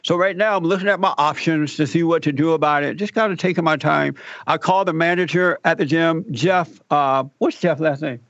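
A man's voice: on the high side, a little fast, dry recording, dull audio. An older man, a radio talk show host, telling a personal story as an interview guest and acting out the dialogue in it. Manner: animated storyteller, acts out quoted dialogue.

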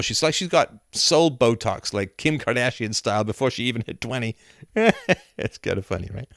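A middle-aged man hosting a live video chat, reading viewer comments aloud and riffing with animated laughter. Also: mid-range voice, vocal fry, dry recording, clean studio sound. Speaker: livestream host answering chat. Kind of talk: casual live-stream chat. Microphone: camera and mic on a live video chat.

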